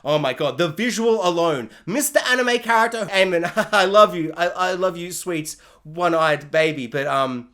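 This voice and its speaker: A show reviewer in a casual comic rant, animated and sarcastic with lots of fillers. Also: medium pitch, normal speed, hardly any pauses.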